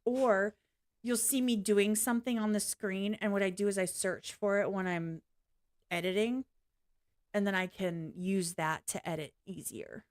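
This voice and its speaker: A woman's voice: medium pitch, fairly even intonation, a little slow. A woman vlogging in a casual, rambling way, apologizing often and swearing now and then. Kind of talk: casual reaction vlog chat.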